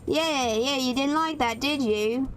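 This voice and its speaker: Slow, rambling young woman streamer. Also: high voice. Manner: rambling, playful, with a sing-song lilt. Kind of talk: casual chat while gaming. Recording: loud game music behind.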